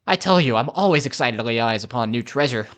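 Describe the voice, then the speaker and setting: A man voicing a courteous male treasure appraiser from a video game, polite and flattering. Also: mid-range voice, fast, natural voice.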